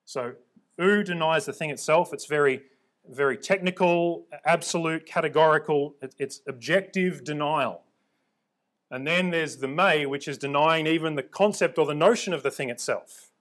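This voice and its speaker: A man's voice: a little high, moderate pace, a bit bright. A man preaching and teaching from the Bible, emphatic, repeating words for stress and checking in with his listeners.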